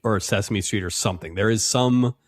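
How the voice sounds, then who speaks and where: A man's voice: on the low side, fairly quick, no room sound, clean studio sound. A man co-hosting a podcast in casual chat, easygoing with dryly joking asides. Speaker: podcast co-host. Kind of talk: casual chat recapping an episode.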